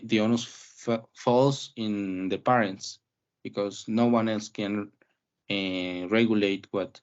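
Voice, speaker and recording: A man teaching an English listening class, asking questions and explaining step by step in an encouraging way. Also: on the low side. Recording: dull muffled audio.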